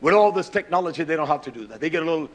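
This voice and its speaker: Fiery preacher man, shouting then muttering. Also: lively intonation, very fast, a little hiss or hum. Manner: swings from shouted preaching to low muttered storytelling. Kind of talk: sermon.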